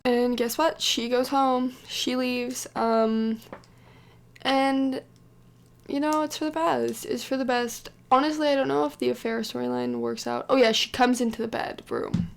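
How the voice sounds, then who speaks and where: A young woman talks through her game in a loose, rambling way, dotted with fillers. Her voice sits a touch high and crackles with vocal fry. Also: steady tone, a little slow. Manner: chatty and rambling, full of "like" and "um". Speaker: let's play narrator. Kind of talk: casual gameplay commentary.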